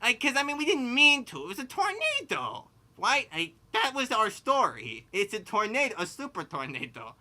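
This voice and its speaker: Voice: medium pitch, huge pitch swings, moderate pace, hardly any pauses, pushed and bright, heavily acted. A performer voicing a rambling cartoonish pig storyteller who lisps, turns r into w, laughs mid-sentence and keeps saying "like" and "you know" in improvised comedic storytelling. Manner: lisping, turns r into w.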